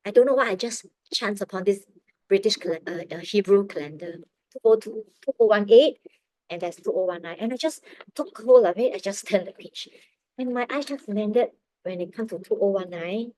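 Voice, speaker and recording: A middle-aged woman telling a personal faith testimony as a parent, earnest and emotional, often dropping her voice very low. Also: moderate pace, mellow. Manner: earnest, emotional storytelling, drops to near whispers.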